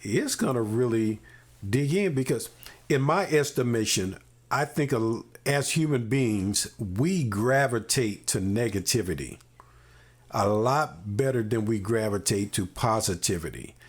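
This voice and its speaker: A man's voice: lowish voice, lively intonation, a little slow, husky. A man hosting a parenting podcast, talking earnestly and emphatically with folksy asides. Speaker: podcast host. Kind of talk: conversational interview.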